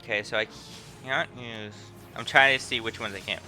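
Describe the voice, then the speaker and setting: A man's voice: mid-range voice, steady tone, moderate pace, pushed and bright. A young man streaming a game, laughing, swearing and joking as he plays. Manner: laughs a lot, swears, jokey. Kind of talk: casual gameplay commentary. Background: game music.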